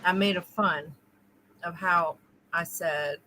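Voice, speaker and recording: A woman's voice: on the low side, fairly even intonation, slow pace, pushed and bright, low-quality recording. A woman co-hosting a live show, chatting casually with a friend and reading viewer comments aloud. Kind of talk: casual chat between friends.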